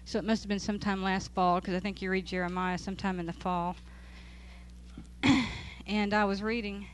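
A woman teaching a Bible study to a group in a relaxed, chatty way. She is amused, laughs often, and reads passages aloud to make her points. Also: medium pitch, normal speed, a little hiss or hum. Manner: conversational, amused, laughs while reading aloud. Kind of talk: church talk to a group.

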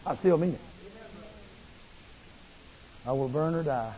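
A male preacher giving a fervent, repetitive sermon that rises into shouts. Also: a little high, slow pace, slight background noise. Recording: muffled, long hall reverb.

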